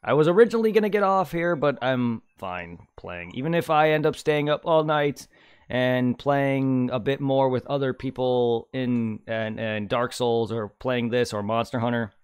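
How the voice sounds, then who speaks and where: A man's voice: mid-range voice, normal speed, clear, resonant tone. Man rambling casually on a game stream. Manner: rambling, mutters and hums while reading. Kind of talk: casual live-stream gaming chat.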